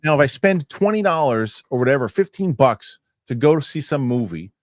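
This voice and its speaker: A man's voice: medium pitch, a little fast, no echo, clean studio sound. A man co-hosting a casual film podcast, telling stories with lots of swearing. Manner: animated storyteller, swears freely. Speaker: podcast co-host.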